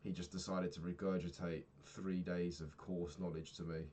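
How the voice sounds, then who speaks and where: Low-voiced young man rambling. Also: little pitch movement, normal speed, mellow, a little hiss or hum. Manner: rambling, candid, swears freely. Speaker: vlogger. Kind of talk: casual diary vlog.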